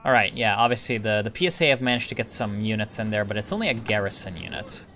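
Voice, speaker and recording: A man's voice: fairly low pitch, expressive, fast, pushed and bright, a little hiss or hum. Rambling man commenting on gameplay. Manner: rambling, self-interrupting, thinking aloud. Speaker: gaming video creator. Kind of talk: casual strategy gameplay commentary.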